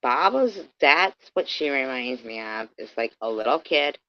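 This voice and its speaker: A woman ranting profanely on a livestream, swinging from yelling to low muttering, heard through dull lo-fi stream audio. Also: animated, unhurried.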